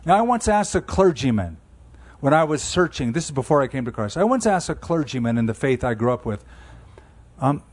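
A man in his sixties preaching a sermon in a conversational, emphatic way, slowing down on key phrases. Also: medium pitch, sing-song. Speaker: pastor.

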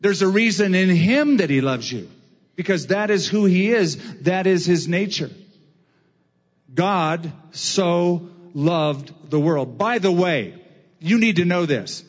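A man preaching a sermon as pastor, slow and emphatic with drawn-out phrases. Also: high voice, lively intonation, long reverb tail, dull audio.

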